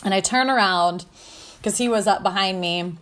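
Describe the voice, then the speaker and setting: Female podcast host with a mid-range voice, animated and salty, telling her own story with frequent laughs. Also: medium pitch, normal speed. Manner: animated, swearing freely, laughing often. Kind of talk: casual storytelling.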